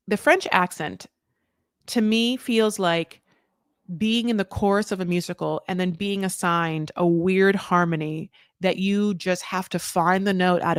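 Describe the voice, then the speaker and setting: A woman's voice: fairly low pitch, dry recording. Chatty alto woman from California, dry sound. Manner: animated, swears freely, laughs and trails off mid-thought. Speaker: podcast host recapping reality TV. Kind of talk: casual chat.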